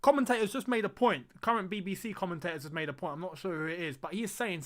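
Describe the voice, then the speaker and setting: A man hosting a live football watch-along, chatting casually and crying out at the action. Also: high voice. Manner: excitable, chatty, quick to laugh and cry out at the action. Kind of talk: live casual match commentary and chat.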